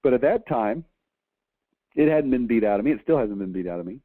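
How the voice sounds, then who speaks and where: A man's voice: mid-range voice, lively intonation, brisk, dry recording. A man in his forties telling a motivational story as a business coach, emphatic and given to repeating phrases for effect. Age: 40s. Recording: dry, tinny phone-like sound.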